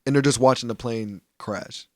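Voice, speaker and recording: A man's voice: mid-range voice, normal speed, dry recording, studio quality. A young man co-hosting a podcast in casual chat, retelling scenes with lots of slang and swearing and acting out the characters. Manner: animated storytelling, acts out quoted characters. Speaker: podcast co-host.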